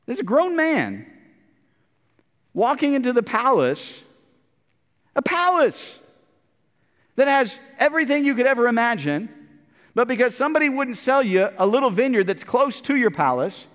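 Male preacher, high voice, casual storytelling sermon, church echo. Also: sing-song, normal speed, long pauses, fairly bright tone. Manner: storytelling, conversational, repeats words.

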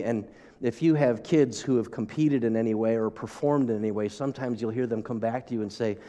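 A male pastor delivers a sermon in an easy, conversational way, turning aside now and then to speak to the congregation. His voice sits at an ordinary middle pitch for a man. A long reverb trails after his words, as in a large church sanctuary. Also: fairly quick, dark tone.

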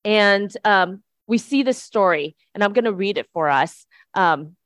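A woman's voice: medium pitch, lively intonation, a little slow, hardly any pauses, no room sound. A woman preacher giving a conversational sermon to a congregation, often checking in with "right?". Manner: chatty, tags points with "right?".

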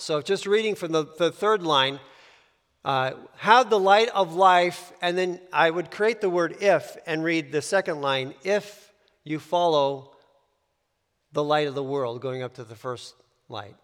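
A man's voice: a little high, a little slow, fairly bright tone, clean tone, long reverb tail. A man giving a sermon, explaining scripture in a conversational way with occasional fillers and restarts. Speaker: pastor.

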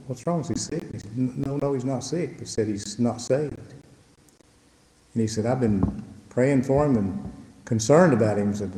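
Older pastor in an echoey church. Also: male voice, medium pitch, dark tone. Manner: folksy, unhurried storytelling with chuckles. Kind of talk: storytelling testimony to a congregation. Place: church hall. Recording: echoey hall with long reverb.

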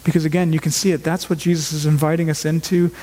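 A man's voice: a little high, flat delivery, fast talker, dark tone. Earnest man preaching in a reverberant hall. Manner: earnest, emphatic preaching with repeated words. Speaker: pastor. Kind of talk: sermon.

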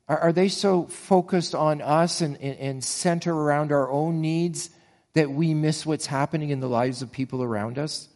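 A man's voice: on the high side, moderate pace, darkish tone, in a large hall. A man preaching a sermon with earnest rhetorical questions and frequent small restarts. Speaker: pastor.

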